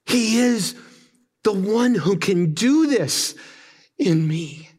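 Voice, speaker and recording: A man preaching a sermon at a church service, impassioned, often sinking to hushed, intimate tones. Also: sits high, lively intonation, very slow, long pauses, husky. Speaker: pastor.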